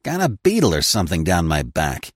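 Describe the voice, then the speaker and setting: A man's voice: low-pitched, wildly swooping pitch, fairly quick, dry recording, studio quality, voice pushed down, exaggerated voice. A man voicing a surly male crook who speaks curtly and bluntly. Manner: curt, blunt, snappish.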